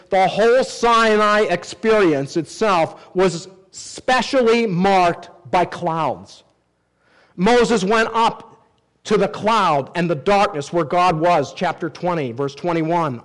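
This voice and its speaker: A man preaching a sermon, reading scripture aloud and swinging between emphatic rises and low, quiet drops. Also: poor audio. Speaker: pastor.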